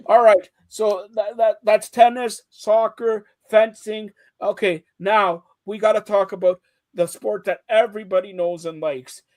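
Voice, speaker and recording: A man's voice: high-pitched, measured pace. A man hosting a casual sports chat show, teasing his co-hosts and talking over them. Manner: teasing, talks over others, animated.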